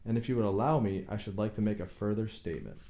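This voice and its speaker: A man's voice: fairly low pitch, quick pace, mellow, natural voice. A man reading a stubborn, proud boat builder. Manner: insistent, plain-spoken, deferential to authority. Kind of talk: audiobook character reading.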